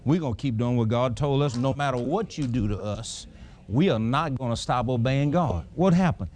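A middle-aged man preaching a sermon, telling folksy stories in an animated way. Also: mid-range voice, normal speed.

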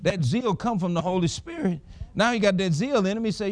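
A middle-aged man preaching a sermon, telling folksy stories in an animated way. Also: sits high, brisk.

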